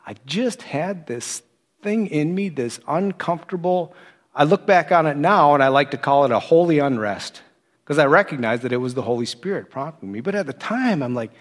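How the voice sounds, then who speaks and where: A middle-aged man giving a sermon, telling his own story in a conversational way with animated quoted asides. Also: a little high. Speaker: associate pastor turned preacher. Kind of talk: sermon with personal testimony.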